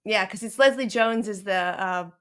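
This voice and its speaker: A woman's voice: mid-range voice, normal speed, clear, resonant tone. Chatty woman podcast host. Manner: chatty, animated, laughs often. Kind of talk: casual film discussion.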